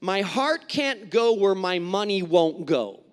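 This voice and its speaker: A male pastor delivers a sermon in a reverberant church sanctuary, where his words ring out with a long tail. His voice sits high for a man. He tells stories with animation and acts out the people in them. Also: takes it slowly, smooth. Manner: animated storytelling with acted-out quotes.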